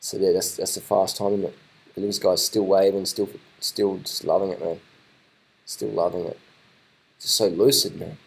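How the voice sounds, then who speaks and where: A man giving casual live reaction commentary, excitable and repetitive, swearing now and then. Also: deep voice, moderate pace, creaky, husky, poor audio. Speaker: video commentator.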